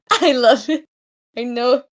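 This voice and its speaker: A woman hosting a casual live chat, soft-spoken, giggly and rambling. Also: high voice, slow, crowd noise. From Australia. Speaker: host.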